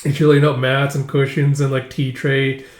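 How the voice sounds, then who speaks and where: A man's voice: mid-range voice, little pitch movement, moderate pace, darkish tone. A man casually recapping a manga in a chatty, loose way, in a roomy-sounding recording. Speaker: manga reviewer. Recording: roomy echo.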